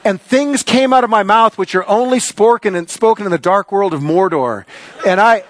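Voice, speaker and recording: High-voiced, animated man preaching. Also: normal speed. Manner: animated storyteller, gets loud and excited. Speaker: pastor. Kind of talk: sermon with a personal story.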